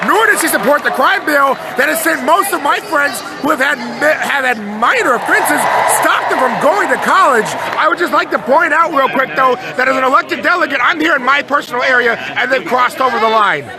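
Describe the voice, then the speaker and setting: A man with a very high voice talks into a handheld phone in the middle of a loud, roaring crowd. He is a convention delegate from North Carolina who argues heatedly with hecklers, then turns apologetic. Heavy noise covers the phone stream. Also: expressive, fairly quick, few pauses. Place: crowded convention floor, indoors. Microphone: handheld cell phone.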